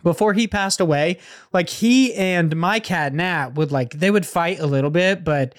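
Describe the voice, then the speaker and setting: A man's voice: high-pitched, moderate pace. A man co-hosting a podcast, telling a rambling, profane story in casual chat. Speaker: podcast co-host.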